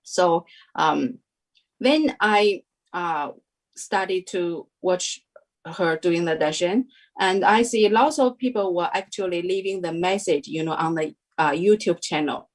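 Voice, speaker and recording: Slow, halting woman telling her story. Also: fairly low pitch. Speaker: interview guest. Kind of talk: personal testimony. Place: lives in New Zealand.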